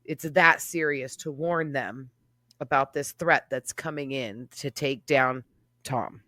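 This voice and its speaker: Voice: mid-range voice, fairly even intonation, slow pace, pushed and bright, no echo, clean studio sound. A podcast host talking casually and recapping events for the guest. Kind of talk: casual chat.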